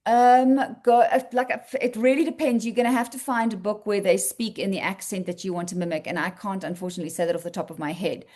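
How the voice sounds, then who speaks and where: A woman's voice: medium pitch, steady tone, fast, few pauses, darkish tone. A South African woman leading an online writing workshop, explaining patiently and encouragingly with plenty of fillers over a video call. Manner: explanatory, encouraging, thinks aloud with many fillers.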